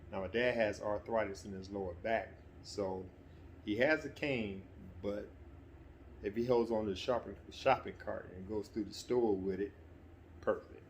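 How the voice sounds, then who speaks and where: A middle-aged man telling a personal story in a relaxed, conversational way, sometimes getting animated. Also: on the low side, a little hiss or hum. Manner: relaxed, conversational, breaks into animated quoted voices. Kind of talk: casual spoken anecdote.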